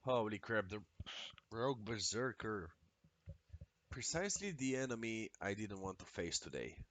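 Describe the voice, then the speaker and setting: A man streaming a video game, talking casually and excitably with lots of swearing and exclamations. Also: fairly low pitch, moderate pace, no room sound. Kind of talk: casual live-stream commentary while playing.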